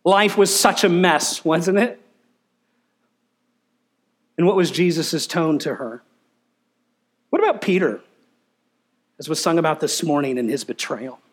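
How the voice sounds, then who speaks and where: Animated high-voiced male preacher. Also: measured pace, long pauses, slightly rough. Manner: asks the congregation questions, emphatic and animated. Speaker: pastor. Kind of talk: sermon.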